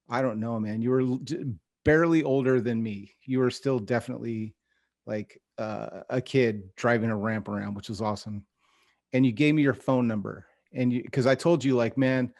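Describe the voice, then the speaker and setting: A man's voice: mid-range voice, a little mellow, dry recording, clean studio sound. A man hosting a podcast, telling a rambling story and laughing through his lines. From California. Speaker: podcast host. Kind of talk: casual podcast chat.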